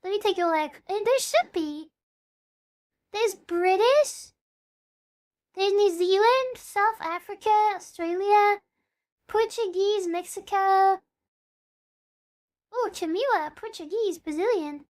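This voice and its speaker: A woman's voice: extremely high pitch, slow, long pauses, a little mellow. A woman VTuber chatting casually on a live stream, bubbly and talkative, dropping playful meows between sentences.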